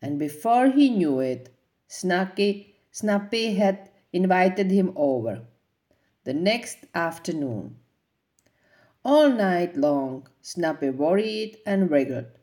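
A woman reading a children's picture book aloud as a storyteller, in a slow, expressive way. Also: on the low side.

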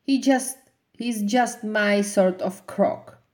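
A woman's voice: medium pitch, slow pace, darkish tone, voice pushed up, lightly acted. A woman reading a storybook aloud, voicing a young boy crocodile who frets and gets embarrassed, in a whiny, fussing way. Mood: pleased.

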